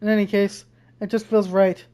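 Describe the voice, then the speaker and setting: A woman's voice: medium pitch, level tone, moderate pace, dark tone, clear, resonant tone. A young woman playing through a visual novel, reading its text aloud and breaking off into frightened swearing. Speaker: gaming streamer. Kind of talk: let's-play, reading game text aloud. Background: faint game music.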